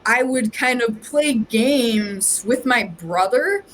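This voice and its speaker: A woman's voice: on the high side, animated, takes it slowly, a little hiss or hum, low-quality recording. A woman from Ohio, a podcast guest and psychic medium, telling her story in a chatty, rambling way with lots of "like". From Ohio, USA. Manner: chatty, rambling, heavy use of "like". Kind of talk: casual storytelling chat.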